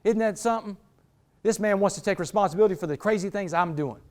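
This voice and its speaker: A man's voice: sits high, quick pace, a little mellow. A man gives a motivational talk to a team, telling his story dramatically and acting out the voices of others. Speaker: motivational speaker.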